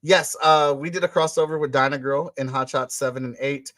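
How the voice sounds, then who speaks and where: A man, a comic book creator, answering interview questions in a relaxed, grateful way. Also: a little high, brisk, no echo. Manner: grateful, easygoing, many fillers.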